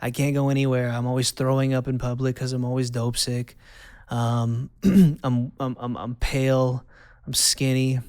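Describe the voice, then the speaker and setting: Gravelly, smooth-voiced man telling his story. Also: medium pitch, little pitch movement, moderate pace, darkish tone, no echo, studio quality. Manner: candid, conversational, repeats phrases for emphasis. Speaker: host. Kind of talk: personal testimony.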